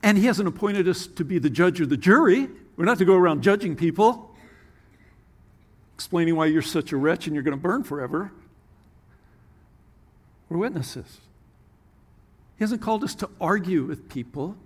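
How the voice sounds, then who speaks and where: A man preaching a sermon as pastor, earnest, with sudden drops into soft, hushed asides. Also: high-pitched, animated, moderate pace, pauses often, husky.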